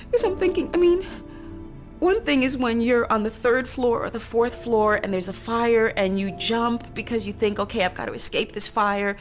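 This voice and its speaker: A woman giving interview testimony, recounting a hard memory in a halting, emotional way. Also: on the high side, soft background music.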